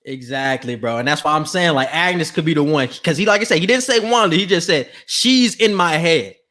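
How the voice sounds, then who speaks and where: High-voiced man in slangy podcast chat. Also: fast. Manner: slangy, animated, acts out quotes. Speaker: podcast co-host. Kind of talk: casual recap chat.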